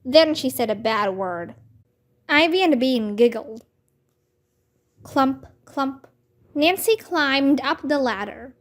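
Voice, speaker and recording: A woman reading a children's book aloud with slow, careful, expressive storytelling. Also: high-pitched.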